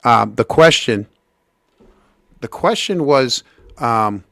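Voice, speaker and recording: A man hosting a casual livestream who stumbles and restarts often as he talks. His voice has a medium pitch. It is recorded dry and close with no room sound. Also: expressive, creaky, bright, forceful tone, no room sound. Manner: halting, many restarts. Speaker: host.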